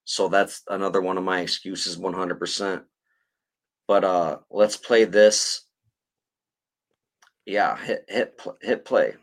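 Deep-voiced man, blunt and profane. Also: slow pace, pauses often. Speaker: podcast host. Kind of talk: casual podcast chat.

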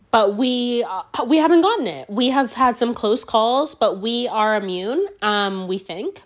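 Woman podcaster still hoarse from a cold, kinda high voice, rambly and cussing, sassy. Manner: rambling, profane and playfully sassy. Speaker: podcast host. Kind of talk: solo podcast chat.

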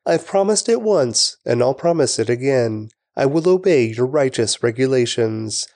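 A man giving a steady, reverent scripture reading. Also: medium pitch, moderate pace, no room sound, studio quality. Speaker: scripture reader.

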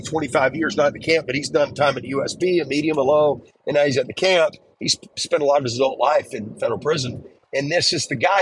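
A man's voice: fairly high pitch, a little hiss or hum, low-quality recording. A man earnestly recounting his own experience in a conversational storytelling style, often restarting his sentences. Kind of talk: personal storytelling.

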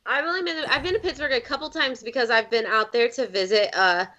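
A woman's voice: fairly high pitch, quick pace, sharp tone, lo-fi sound. A woman in casual podcast chat, talking in long rambling runs full of "like". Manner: rambling, heavy use of "like".

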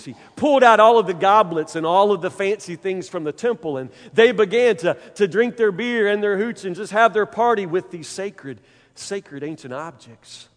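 A male preacher with a fairly high voice tells a story from the pulpit, animated and dramatic. He builds tension by repeating his phrases. His voice carries a long reverb from a large hall. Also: moderate pace. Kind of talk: sermon storytelling.

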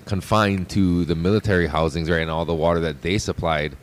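A man's voice: low-pitched, fairly even intonation, brisk, a little hiss or hum. A man with a Hawaii local accent in casual chat, talking in an indignant, profane way.

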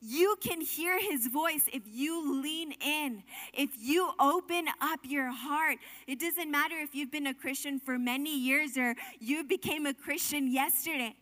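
A young woman delivers a sermon in a high, bright voice. Her delivery is earnest and chatty, with frequent asides and restarts. The sound carries a long reverb, as in a large hall. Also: measured pace. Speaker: preacher.

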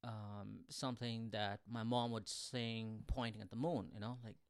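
A man's voice: fairly low pitch, flat delivery, a little slow, clean tone, no echo. Man, Indian accent, podcast guest, hesitant, dry close mic. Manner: hesitant, soft-spoken, lots of ums. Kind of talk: casual podcast chat.

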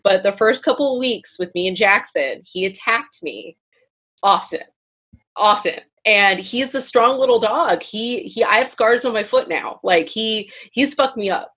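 Husky woman telling stories with laughs. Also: fairly high pitch, moderate pace, few pauses. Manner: laughs freely, animated storytelling. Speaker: podcast host. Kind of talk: casual conversation.

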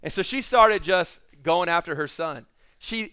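Bright-voiced male preacher telling a story. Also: sits high, a little slow, smooth. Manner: storytelling with acted quotes, rising and falling emphasis. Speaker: pastor. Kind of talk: sermon.

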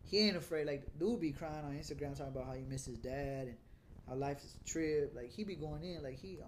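A laid-back man hosts a loose podcast chat, talking in a fairly high voice. He rambles and swears freely, stringing thoughts together with "like.". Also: quick pace, noisy background. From South Texas. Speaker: podcast host. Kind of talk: casual chat.

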